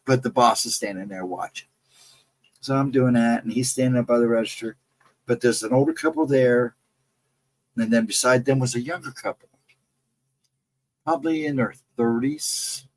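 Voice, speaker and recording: A man's voice: mid-range voice, moderate pace, long pauses, rough recording. A man casually recounting his own ghost encounters in a rambling, self-correcting way. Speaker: guest storyteller.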